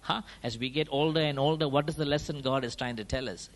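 Delivering a sermon in a fairly high voice with vocal fry, a man drives home his points through rhetorical questions and quick "huh?" and "yeah?" checks. He's emphatic, letting his volume rise and fall for emphasis.

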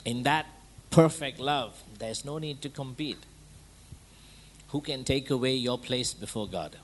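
A man preaching a sermon in a conversational way, checking in with his listeners through quick rhetorical questions. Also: medium pitch.

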